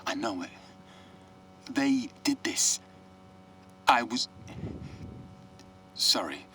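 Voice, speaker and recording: An actor playing a worried man who leaves an anxious, halting voice message for an old friend in a game. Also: lowish voice, lively intonation, pushed and bright, a little hiss or hum, heavily acted. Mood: anxious pleading. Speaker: game character leaving a voicemail.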